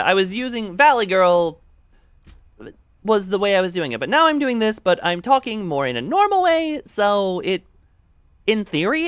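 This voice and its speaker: Game streamer, casual live chat, frequent laughter, experiments with voice pitch, animated intonation, dry sound. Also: no room sound. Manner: chatty, laughs often, plays with voice pitch. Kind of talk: casual livestream chat while gaming.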